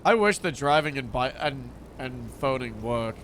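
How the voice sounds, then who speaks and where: A man's voice: medium pitch, animated, unhurried, a bit bright, a little hiss or hum. A man streaming a game, chatting casually and amused with himself. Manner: chatty, laughing, self-amused. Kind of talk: casual gameplay chat.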